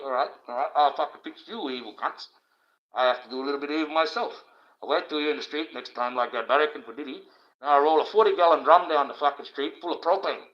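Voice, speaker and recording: An Australian man ranting on a livestream, crude and profane, rambling with stumbling restarts. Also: fairly high pitch. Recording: dull lo-fi stream audio.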